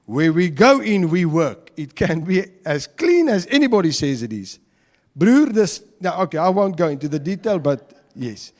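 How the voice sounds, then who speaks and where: A man's voice: high-pitched, darkish tone. A man with an Afrikaans South African accent preaching a chatty sermon, joking with the congregation and slipping between English and Afrikaans. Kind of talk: conversational sermon. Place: church hall. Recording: long church hall reverb.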